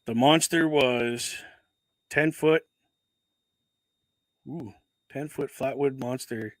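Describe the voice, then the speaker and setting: A man's voice: medium pitch, slow, no echo. A man hosting a casual livestream, chatting as he unboxes, rambling, correcting himself and swearing casually into a desk microphone. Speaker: livestream host.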